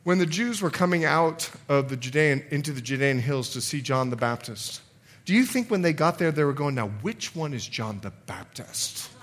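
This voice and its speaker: A middle-aged man, a pastor, preaching a sermon in an animated way, acting out quotes and laughing often. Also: fairly high pitch, brisk.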